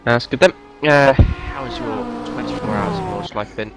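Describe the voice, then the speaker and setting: A man commentating a sim race live, polite and steady. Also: fairly low pitch, normal speed, music in the background. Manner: polite, steady, mildly apologetic.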